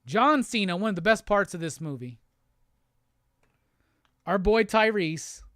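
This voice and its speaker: Excitable, cursing male host. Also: sits high, a little slow, no room sound, studio quality. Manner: excitable, profane, exclamatory. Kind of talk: casual livestream unboxing chat.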